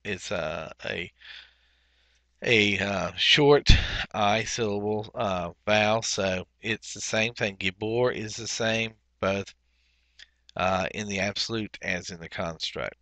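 A man teaching a Biblical Hebrew workbook lesson, explaining methodically step by step and pausing often with fillers. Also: lowish voice, bright, forceful tone, no echo. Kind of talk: recorded workbook walkthrough lesson.

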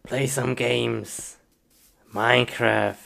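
Low gravelly woman, noisy recording. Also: very slow. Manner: excitable, bursts into frustrated yelps. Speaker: comedy skit performer. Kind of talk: comic skit narration to self.

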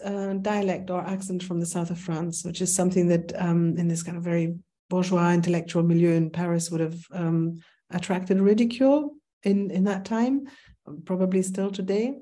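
A woman's voice: mid-range voice, mellow. A woman with a German accent giving a philosophy seminar lecture, speaking in a thoughtful, digressive way with frequent ums. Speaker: seminar instructor.

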